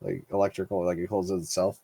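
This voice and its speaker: A man's voice: sits low, level tone, brisk, dark tone, dry recording. A young man co-hosting a podcast, telling a rambling story in casual chat and laughing often. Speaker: podcast co-host.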